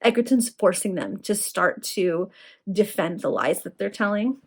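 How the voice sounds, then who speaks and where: A woman's voice: medium pitch, unhurried, darkish tone, breathy edge. Woman reading a novel aloud. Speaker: reader.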